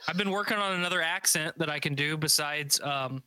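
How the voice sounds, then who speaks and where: A man's voice: a little high, brisk, bright, forceful tone, smooth, dry recording. A man co-hosting a podcast, joking and rambling through casual banter with friends. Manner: joking, rambling, does goofy voices. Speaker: podcast co-host.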